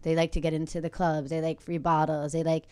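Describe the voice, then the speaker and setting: Brief: female talk-show guest, fairly low voice, warm and effusive. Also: flat delivery, a little fast, clean tone, dry recording. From United States. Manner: warm, gushing. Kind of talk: casual interview talk.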